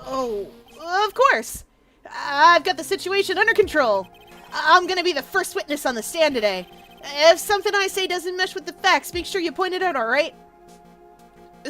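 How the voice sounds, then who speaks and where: Brief: woman playing a gruff, blustery male cop, loud and pushy, a bright high voice, soft music under it. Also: animated, normal speed, exaggerated voice. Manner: blustery, calls people pal. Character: gruff bossy male police detective.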